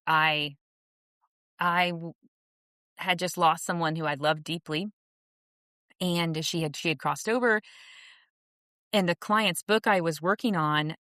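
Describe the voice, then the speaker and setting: A woman with a fairly low voice talks through ideas on a podcast, earnest and reflective, often restarting her sentences. The sound is dry and close, with no room around it. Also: a bit bright, dry recording. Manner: earnest and reflective, many restarts, laughs easily. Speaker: podcast guest, author and coach. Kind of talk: casual interview conversation.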